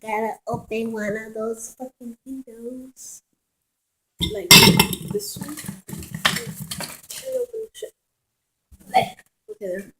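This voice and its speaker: A woman's voice: fairly high pitch, noisy background. A woman vlogging casually at home in her kitchen, rambling, swearing and giggling as she talks.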